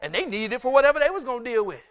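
A male pastor preaches a sermon in a very high-pitched, very animated voice at a very fast pace. He drives it with repeated rhetorical questions, call-and-response and sudden shouts.

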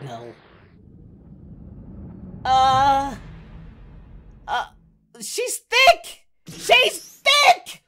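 A woman voicing a brash, excitable adult male martial artist hero, giving in-character reaction commentary and yelping at the screen. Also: mid-range voice, close to an everyday voice. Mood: excited. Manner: excitable, yelps and shouts at the screen. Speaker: reaction video host.

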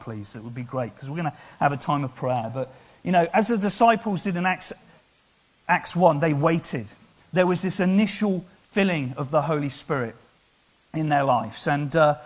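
A man's voice: a little high, slightly rough. Earnest English male preacher. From England. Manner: earnest and conversational, rising to loud emphatic preaching. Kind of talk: sermon. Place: church hall.

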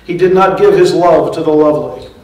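A man's voice: on the high side, steady tone, a little fast, a little mellow. A man giving a conversational sermon as pastor, chuckling at his own asides. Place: church sanctuary. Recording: echoey church hall, mic far off.

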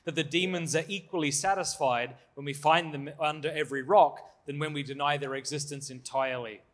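A man's voice: on the high side, fairly even intonation, a little fast, a bit bright. A man giving a live conference talk and answering audience questions in a candid, joking, self-deprecating way. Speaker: conference speaker. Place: conference hall before an audience.

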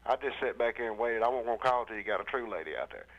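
A man's voice: on the low side, expressive, rapid-fire. A man calling in to a TV show and teasing the host. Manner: teasing, insulting. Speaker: caller. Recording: noisy phone line.

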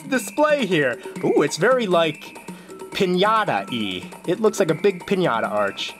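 A young man chats through his gameplay with a playful, joking manner. His pitch swoops up and down in animated exclamations. Soft game music plays beneath his voice. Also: measured pace. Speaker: gaming video journal host. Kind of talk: casual gameplay commentary.

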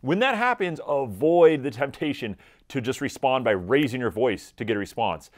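A man gives dog training advice in an energetic, conversational way, speaking straight to his viewers. His pitch sits in the middle of a man's range and moves a lot as he explains. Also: normal speed. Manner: energetic, conversational, direct address. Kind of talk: instructional talk to camera.

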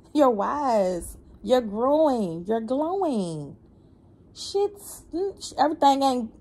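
A woman giving a casual spiritual card reading, animated and slangy, humming and laughing between lines. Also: a little high, slightly rough. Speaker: tarot reader.

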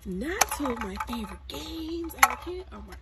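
An excitable woman vlogs as she walks through a big store. Her voice has a gravelly edge and swoops up and down a lot. Loud store noise runs behind her. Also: high-pitched, normal speed. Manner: excitable, swearing, gasping and squealing. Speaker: vlogger. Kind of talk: casual shopping vlog. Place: in a large store. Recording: noisy store ambience.

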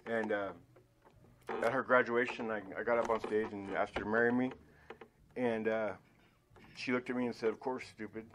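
A man giving his personal testimony at a church Sunday school, speaking haltingly with many fillers and restarts, often emotional. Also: fairly low pitch, flat delivery, noisy background.

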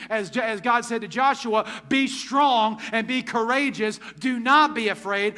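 Bright-voiced emphatic male pastor preaching. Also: high voice. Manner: emphatic preaching, asks the congregation questions. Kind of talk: sermon. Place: church sanctuary.

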